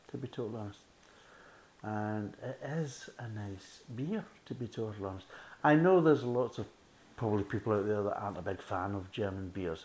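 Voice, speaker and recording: A man's voice: on the low side, rough recording. A man reviewing beer in a casual, blunt, rambling way, repeating himself often. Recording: faint background hiss.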